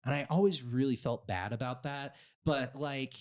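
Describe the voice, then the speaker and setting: A man's voice: medium pitch, moderate pace. Rambling, profane podcast co-host man. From Utah, USA. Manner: rambling, profane, full of fillers and voiced quotes. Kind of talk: casual storytelling chat.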